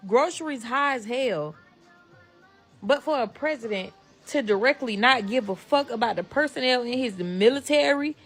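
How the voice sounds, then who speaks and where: A woman's voice: high-pitched, a bit bright. A woman venting in a casual opinion video, irritated, blunt and profane.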